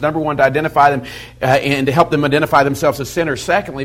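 A middle-aged man teaching as a pastor, folksy and animated, acting out quoted asides. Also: a little high. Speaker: pastor teaching a Bible study method. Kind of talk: sermon-style teaching talk.

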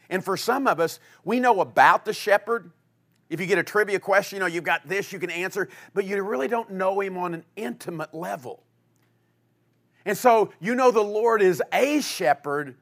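A male pastor preaching a sermon to his congregation, with a dynamic delivery that swings from loud emphasis to quiet, low asides.

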